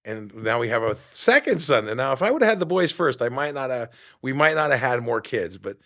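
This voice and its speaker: Speaking briskly at medium pitch, a podcast-hosting fitness coach in his fifties launches into an energetic motivational monologue, voicing the characters he quotes.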